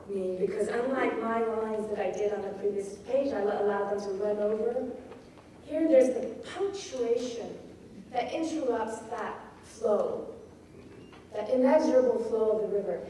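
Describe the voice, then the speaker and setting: Woman, poetry lecturer, expressive reading, soft faint room noise, distant mic. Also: on the high side, normal speed. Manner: expressive, reads lines aloud with emphasis. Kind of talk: lecture on poetic rhythm. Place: lecture hall at a festival. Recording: echoey hall, recorded from afar.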